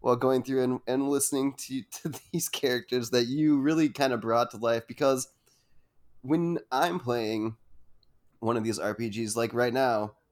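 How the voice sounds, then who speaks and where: A man's voice: mid-range voice, steady tone, moderate pace. A man hosting an interview, asking long, rambling questions full of fillers. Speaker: host. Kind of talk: casual interview chat.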